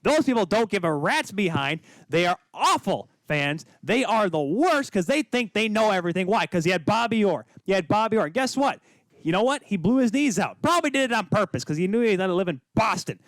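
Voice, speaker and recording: A man's voice: sits high, sing-song, no echo. A man co-hosting a casual sports podcast who rants with heat and fires off rhetorical questions. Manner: heated, emphatic, rapid-fire rhetorical questions. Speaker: podcast co-host.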